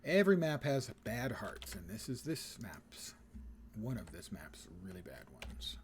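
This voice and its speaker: A man's voice: fairly low pitch, big pitch swings, measured pace, slight background noise. A man streaming a game, commenting casually with dry sarcasm and playful wordplay.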